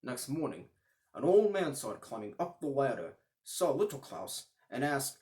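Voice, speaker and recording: A man narrating a children's fairy tale in a dramatic, animated way. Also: medium pitch, a little slow. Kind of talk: storytelling for children.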